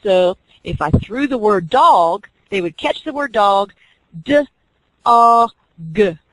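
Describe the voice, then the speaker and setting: A woman's voice: medium pitch, lively intonation, measured pace, dry recording, low-quality recording. A woman teaching an online class, explaining reading skills step by step and acting out teacher and student examples. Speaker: teacher educator.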